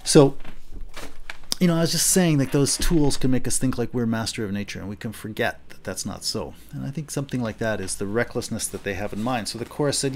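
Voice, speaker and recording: A man's voice: mid-range voice, fairly quick, darkish tone, slight background noise. A middle-aged man giving a recorded philosophy lecture in a thoughtful, conversational way, often restarting and checking in with "right?".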